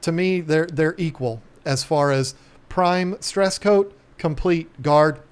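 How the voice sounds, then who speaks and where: A middle-aged man who owns an aquarium shop hosts a casual live stream, his voice slow, clean, and on the high side. He rambles and jokes, full of ums and restarts.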